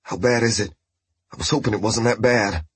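A man's voice: fairly low pitch, fairly quick, slightly rough, dry recording. A man voicing a wounded young man, a slight tremor in his voice. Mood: shaken.

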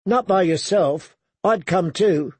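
A man's voice: high-pitched, takes it slowly, darkish tone, husky, dry recording, voice pushed up, heavily acted. A man voicing a stubborn, fierce young girl who insists on her way. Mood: determined. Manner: insistent, scornful.

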